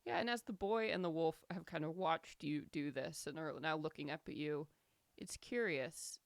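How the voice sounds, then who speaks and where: Lowish gravelly woman running a tabletop game. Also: no room sound. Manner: descriptive, unhurried narration with fillers. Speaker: game master.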